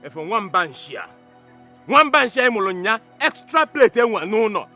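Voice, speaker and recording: An actor with a Nigerian accent playing a domineering older brother who threatens in English and Igbo. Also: male voice, sits high, big pitch swings, normal speed, sharp tone, soft background music, heavily acted. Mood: scornful. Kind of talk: Nollywood film acting.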